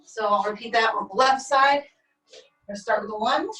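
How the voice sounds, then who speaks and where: A woman leading a guided stretching class, calmly cueing each step while she does the moves herself, recorded on a laptop mic across a room. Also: fairly high pitch, normal speed. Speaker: stretching instructor. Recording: echoey room, distant mic, faint music.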